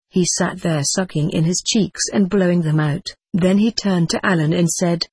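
A narrator reading a story aloud at a steady, measured pace. The voice is husky and sits at a middle pitch. The recording is close and dry. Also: no room sound. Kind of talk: audiobook narration.

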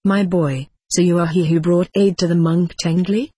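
A reader voicing a stern elderly male abbot who grunts and speaks in halting, grave approval. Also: medium pitch, fairly even intonation, warm tone, husky, no echo, natural voice.

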